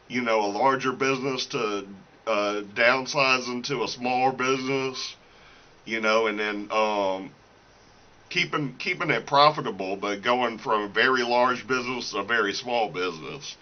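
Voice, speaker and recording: A man's voice: medium pitch, lo-fi sound. A man vlogging casually from his small home recording room, rambling with lots of fillers and slightly out of breath. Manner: rambling, filler-heavy, restarts often. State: a little out of breath. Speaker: independent musician and small seller. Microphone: camera's built-in mic.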